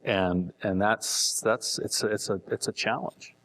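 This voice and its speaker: A man's voice: fairly low pitch, measured pace, fairly bright tone, in a large hall. A middle-aged man speaking candidly to couples, joking and poking fun at himself. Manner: joking, self-deprecating. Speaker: seminar speaker.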